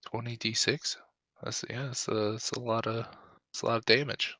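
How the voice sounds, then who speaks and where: Bright-voiced man running a tabletop game. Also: medium pitch, no room sound. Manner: relaxed, halting with many fillers. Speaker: dungeon master.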